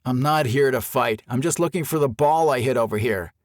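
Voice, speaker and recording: A man doing a calm middle-aged golfer. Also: medium pitch, brisk, no room sound, natural voice. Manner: calm, weary, reasonable. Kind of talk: audiobook character voice.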